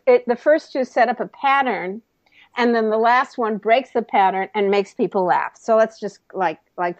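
A middle-aged woman guest on a radio interview, explaining comedy tips quickly and playfully with laughs. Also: fairly high pitch, no echo, muffled recording. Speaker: comedy coach and author, guest.

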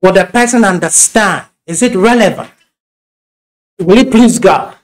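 A man's voice: high-pitched, unhurried, rough recording. A man with a Ghanaian accent preaching a sermon in a church, telling homely stories with frequent restarts and laughing asides. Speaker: pastor.

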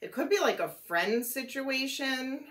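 A woman reading tarot cards aloud, musing and thinking out loud as she goes, her voice a little worn and hoarse. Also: sits high, animated, unhurried. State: losing her voice. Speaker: tarot reader.

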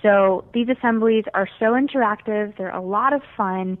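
A woman's voice: mid-range voice, moderate pace. Teen girl guest from South Florida, calling in, earnest and chatty, phone-line sound. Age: teens. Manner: earnest, chatty with many fillers. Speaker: guest singer. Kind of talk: phone interview.

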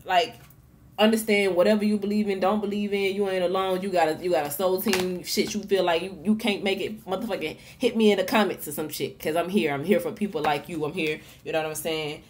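A woman with a fairly low voice gives a casual tarot reading as a vlog. She talks in a frank, swearing, encouraging way and keeps restarting her phrases. A faint noise sits under her voice. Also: fairly even intonation, fast talker, hardly any pauses. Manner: loose, repeats and restarts words. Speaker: tarot reader and vlogger. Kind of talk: casual motivational tarot talk.

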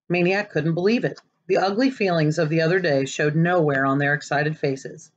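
A woman reading a children's novel aloud, expressive and lively, raising her voice for the characters' lines. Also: sits low, moderate pace, few pauses, muffled recording. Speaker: narrator.

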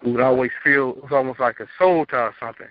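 A man's voice: mid-range voice, quick pace, dry recording. A young man calling in to a show, earnestly telling his story in a plain, rambling way over a phone line. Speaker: caller. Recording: muffled phone-line audio.

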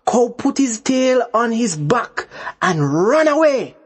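A woman telling a children's folk story, slow and deliberate. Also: a little high, very animated, breathy edge.

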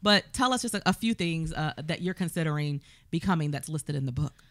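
Woman host, 30s, upbeat and playful, quick to laugh; dry close-miked sound. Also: deep voice, animated, a bit bright, dry recording. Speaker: talk show host. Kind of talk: casual interview chat.

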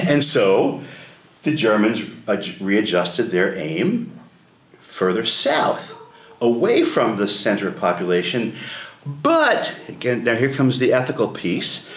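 A man leads a class in a conversational, storytelling way, clearing his throat now and then and turning questions back to the group. His speech is slow, his pitch rises and falls widely, and it sits fairly low. The room around him is audibly echoey. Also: sing-song, a bit bright. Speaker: adult education class leader. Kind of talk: informal lecture with storytelling. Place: church meeting room.

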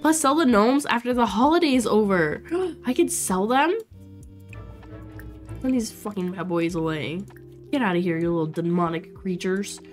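A young woman streaming a life-sim game, chatting to her viewers in an excitable way with frequent exclamations and laughs. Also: medium pitch, moderate pace, long pauses, soft background music. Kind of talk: casual let's play commentary.

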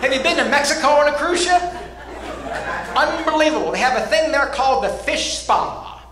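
A middle-aged man telling cruise stories in a stand-up set, pausing before his punchlines. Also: very high voice, crowd noise. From Louisville, Kentucky. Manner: deadpan storytelling with punchline pauses. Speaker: stand-up comedian. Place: comedy club stage. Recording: echoey room with faint ambience.

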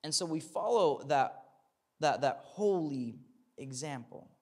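A man's voice: fairly high pitch, animated, slow pace, darkish tone. A young man preaching a sermon in a conversational way, with repeated words and tag questions, building to fervent emphasis. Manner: repeats words and restarts, uses "like" and "right?".

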